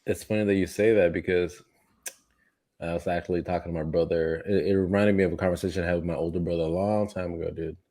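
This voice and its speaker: A man's voice: low-pitched, steady tone, fast, mellow. A man from the Philippines co-hosting a casual podcast, swearing freely and joking and laughing through his stories. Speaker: podcast co-host. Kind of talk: casual chat.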